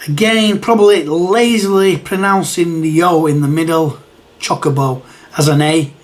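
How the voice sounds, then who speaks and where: A man's voice: fairly high pitch, moderate pace. A man hosts a retro gaming channel and talks casually to camera, rambling and hesitant, with many restarts and chuckles.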